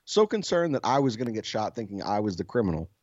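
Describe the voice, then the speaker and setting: Soft-spoken male podcast co-host, low voice, casual storyteller, swears a lot, dull dry mic. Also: big pitch swings, fast talker, dry recording. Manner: swears freely, laughs at himself.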